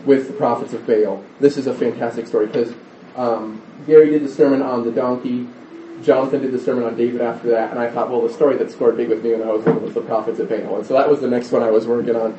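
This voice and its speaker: A man's voice: mid-range voice, fairly even intonation, fast talker, dark tone, reverberant, distant mic, highs cut off, slight background noise. A middle-aged man preaching a conversational sermon, rambling with restarts and stories.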